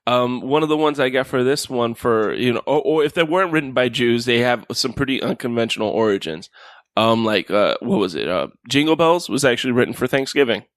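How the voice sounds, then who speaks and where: A man from Miami chats on a podcast, animated and joking, breaking into silly voices for his stories. His voice sits mid-range and the mic is close and dry. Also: mid-range voice, brisk, no echo. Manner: animated storytelling with playful character voices. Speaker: podcast co-host presenting a list. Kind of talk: casual chat.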